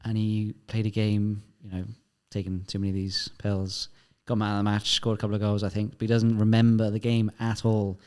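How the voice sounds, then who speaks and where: A man hosting a podcast interview, relaxed and conversational, prompting his guest along. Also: fairly low pitch, fairly quick, few pauses, clear, resonant tone. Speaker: podcast host. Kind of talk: casual interview chat.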